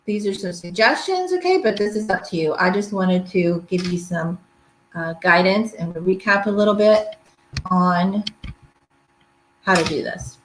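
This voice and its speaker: A woman's voice: medium pitch, lively intonation, measured pace, a little hiss or hum. Chatty woman teaching parents, echoey room. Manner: chatty, checks in with listeners often. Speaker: pediatric physical therapist teaching a parenting workshop. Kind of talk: casual workshop lecture.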